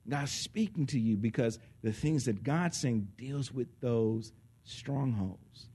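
A man preaching a sermon in an animated way, acting out little voices and laughing along with his listeners. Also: mid-range voice, breathy edge. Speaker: pastor.

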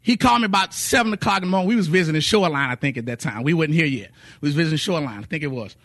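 A man preaches very fast in a fairly high voice, sharing testimonies. He brings quotes to life with character voices and slips into singing at times, all in an animated storytelling style.

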